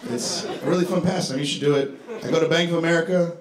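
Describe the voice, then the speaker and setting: A man from Chicago doing a stand-up comedy set on a club stage, with a laid-back, deadpan delivery and profane asides. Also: on the high side, fast. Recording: echoey club with crowd noise.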